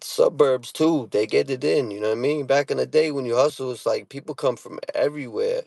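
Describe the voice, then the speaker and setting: A man's voice: medium pitch, a little fast, gravelly, a little mellow, dry recording. Brash Boston man, dry sound. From Boston area, Massachusetts. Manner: brash, profane, street slang, repeats "you know what I'm saying". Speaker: vlogger. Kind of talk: casual rant to camera. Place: inside a parked car.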